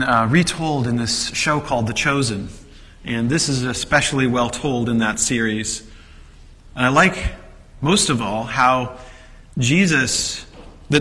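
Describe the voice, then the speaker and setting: A man delivers a sermon in a bright, forceful voice. He retells the story vividly, asking rhetorical questions and acting out the quotes. His voice rings with a long reverb, as in a large hall. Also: medium pitch. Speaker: preacher.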